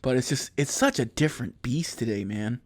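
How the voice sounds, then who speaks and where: A man's voice: medium pitch, expressive, a little fast, a little mellow, dry recording. A man in his thirties, a podcast host rambling through a profane comedic monologue and laughing at his own jokes. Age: 30s.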